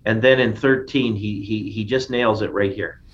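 A man's voice: fairly low pitch, steady tone, moderate pace. Man leading a casual Bible study. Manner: enthusiastic, conversational, frequent restarts. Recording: dull lo-fi sound with faint noise.

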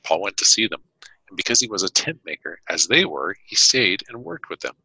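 Man reading scripture on a Bible talk show. Deep, animated, jokey. The sound is dry. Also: a little fast, breathy edge, no echo, rough recording. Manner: jokey, reads passages aloud. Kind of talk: casual Bible study chat with scripture reading.

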